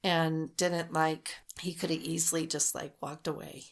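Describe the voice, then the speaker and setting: Woman podcast co-host, slightly low voice, chatty storyteller full of filler words. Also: little pitch movement, a little slow. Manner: chatty, full of "like" and "um", acts out quotes. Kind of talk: casual true-crime storytelling.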